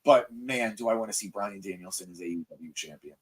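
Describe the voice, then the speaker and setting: Excitable joking man hosting a podcast. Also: on the low side, fairly quick. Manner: excitable, joking, self-mocking, frequent fillers. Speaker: podcast host. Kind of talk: live wrestling review podcast, reading viewer comments.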